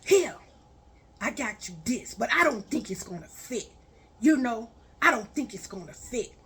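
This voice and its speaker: A sheepish man stammers apologies over gifts nobody wanted, as a woman puts him on in her story. The voice is bright and a little husky. He keeps backpedaling and trips over his words. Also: on the high side, lively intonation, measured pace, full character voice. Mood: apologetic.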